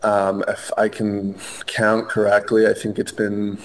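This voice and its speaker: Low, flat-voiced young man, earnest. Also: unhurried. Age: young adult. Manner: earnest, many fillers and restarts. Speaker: interview guest, hockey player. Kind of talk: conversational interview.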